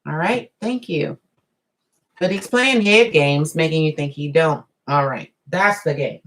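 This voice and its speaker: Low-voiced woman giving a tarot reading. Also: rough recording. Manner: chatty, drawn-out phrasing with asides and laughs. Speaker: tarot reader.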